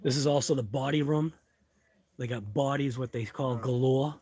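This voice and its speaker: This channel host's live walkthrough vlog takes the camera through a large hobby shop while he chats casually, rambles and mutters asides. He speaks with a Boston-area Massachusetts accent, non-rhotic with dropped R's. His mid-range voice moves at a moderate pace and is a little mellow.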